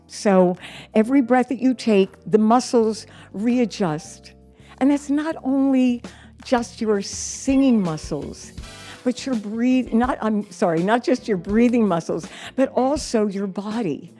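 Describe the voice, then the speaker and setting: A woman's voice: fairly high pitch, mellow, faint music behind. A middle-aged woman teaching singing, speaking encouragingly and reading from her notes. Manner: slow, encouraging, reads aloud and sings examples. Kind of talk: singing lesson with demonstrations.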